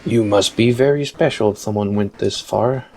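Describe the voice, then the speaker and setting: A man reading out the lines of a stern male robot overseer in a slow, flat, mechanical way, as he plays a video game. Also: fairly low pitch, lightly acted, rough recording. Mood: commanding. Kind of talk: reading game dialogue aloud.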